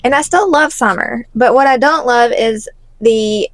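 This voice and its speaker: Mom co-host, chatty and laughing, tired, dry close recording. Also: female voice, on the high side, measured pace, no echo. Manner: laughing, chatty, talks to listeners as y'all. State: exhausted. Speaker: podcast co-host. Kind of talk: casual podcast chat.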